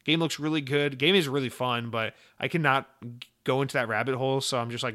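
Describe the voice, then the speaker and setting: A man hosting a casual gaming podcast, talking in an animated way with plenty of swearing and sudden exclamations. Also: medium pitch, fast talker. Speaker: podcast host.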